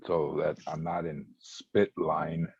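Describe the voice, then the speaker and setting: A man playing a tabletop game, describing his moves in a deliberate, matter-of-fact way. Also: very deep voice, level tone, vocal fry, husky, no echo, lo-fi sound. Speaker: player.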